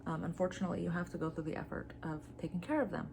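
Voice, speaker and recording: A woman in her forties talks casually to her vlog audience with a somewhat low pitch and a nasal, blocked-up sound. Her humor is dry and deadpan. Faint room ambience sits under her voice. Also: very fast, creaky, a little hiss or hum. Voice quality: stuffy, blocked-nose sound. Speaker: vlogger. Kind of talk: casual chat.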